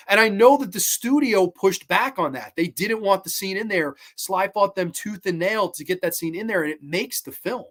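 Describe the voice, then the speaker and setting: A man hosting a movie review show, talking excitedly and loosely, with frequent swearing. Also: high-pitched, normal speed, hardly any pauses. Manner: excited, rambling, swears freely. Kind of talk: casual film commentary.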